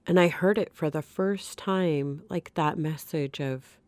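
A middle-aged woman with a low, deep-set voice tells her own recovery story in a candid, earnest way. She often breaks off and restarts her sentences. The recording is dry and close, with no room sound. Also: unhurried, a little mellow, no room sound. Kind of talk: personal testimony.

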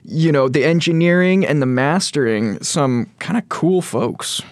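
A man's voice: on the high side, unhurried, dry recording, studio quality. A man hosting a radio arts show, reading intros and asking laid-back questions. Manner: smooth read intros, relaxed casual questions. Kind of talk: scripted radio intro and interview. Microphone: studio microphone.

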